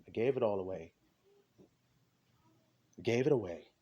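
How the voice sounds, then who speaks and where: A man preaching an impassioned sermon, fervent and repetitive, with a husky voice. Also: on the low side, expressive, unhurried, pauses often, warm tone. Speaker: street preacher.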